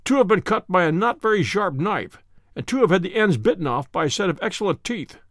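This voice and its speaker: A man voicing a calm, confident male detective who explains his findings in a measured way. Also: sits high, no echo, studio quality, full character voice. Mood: explaining.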